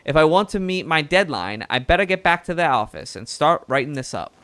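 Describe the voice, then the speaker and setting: A man's voice: a little high, very animated, brisk, fairly bright tone, clear, resonant tone, no echo, pitched above the performer's own voice. A man reading a chatty male bird reporter in a game, putting on a Southern American accent.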